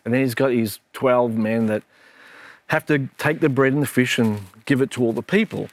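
A man's voice: mid-range voice, normal speed. A middle-aged man, a minister, in an earnest and reflective Bible discussion with his daughter, telling stories as he goes.

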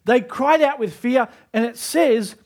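A man preaching a sermon as pastor, moving between soft, low asides and raised, emphatic climaxes. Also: a little slow.

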